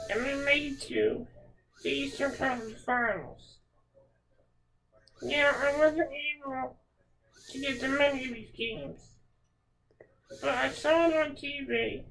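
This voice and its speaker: A woman hosts a reflective podcast monologue, speaking slowly with a raised, bright tone and a gravelly creak in her voice. She sounds emotional and heartfelt, and she repeats words for emphasis. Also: sits high, poor audio. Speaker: podcast host.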